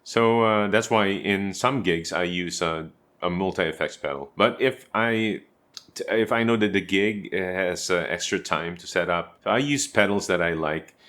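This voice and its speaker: A man's voice: deep voice, measured pace, a bit bright. A man giving a casual guitar tutorial from his home room, explaining step by step with chatty asides to the viewer. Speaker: guitarist and teacher.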